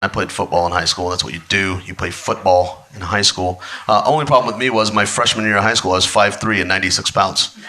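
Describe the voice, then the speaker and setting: A man doing stand-up comedy with dry setups, chuckling at his own punchlines. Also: on the low side. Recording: loud noise with clicks.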